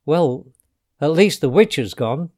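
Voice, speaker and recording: A man voicing a plucky young boy who speaks in a brisk, cheeky way. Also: a little high, expressive, dark tone. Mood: wary.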